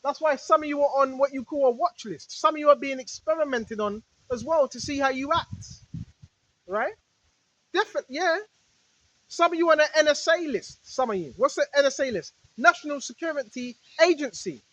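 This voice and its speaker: A woman preacher delivers a rambling spiritual monologue, repeating herself and firing rhetorical questions at listeners. She speaks straight to them, at times shouting rebukes at spirits. Her voice sits high, animated and a little fast, in a recording with no echo and poor audio.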